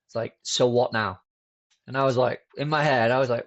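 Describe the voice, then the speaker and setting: A man tells his story in a podcast interview. He speaks casually and candidly, with plenty of fillers and restarts. His voice sits at a middle pitch, and the recording sounds slightly dull and lo-fi. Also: moderate pace, gravelly, long pauses. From Britain. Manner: informal, frequent "like" and restarts. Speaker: podcast guest.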